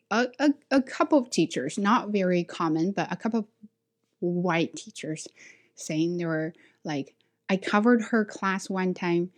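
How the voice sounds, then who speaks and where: A woman who speaks English as a second language, her first being Chinese, telling stories from her work as an ESL teacher in a frank, self-assured way and acting out quotes with a raised voice. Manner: animated, acts out quotes with high voices. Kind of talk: casual storytelling.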